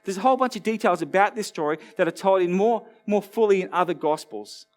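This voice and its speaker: A man preaching a sermon in a church, animated and storytelling, dropping low and quiet for emphasis. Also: fast, faint music behind. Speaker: pastor.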